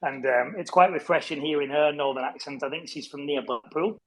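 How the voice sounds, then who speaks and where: A man's voice: fairly high pitch, a little fast, slight background noise, poor audio. A man from Wigan with a northern English accent, a chatty interview guest who calls everyone mate. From Wigan, Greater Manchester, England. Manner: chummy, says mate and buddy a lot, chatty. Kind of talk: casual online interview chat.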